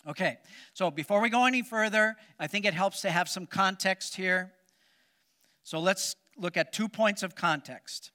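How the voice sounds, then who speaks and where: A man's voice: high voice, bright, forceful tone. A man preaching a sermon to a congregation as pastor, joking with corny puns and speaking emphatically, with many fillers. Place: church service before a congregation.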